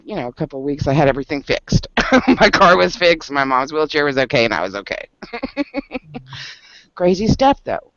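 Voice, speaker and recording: Speaking at a moderate pace with a fairly high pitch, a man spins a tale for his book club in easygoing group chat. He laughs a lot, stays animated, and leans on plenty of fillers. There's no echo, though the audio is dull and lo-fi.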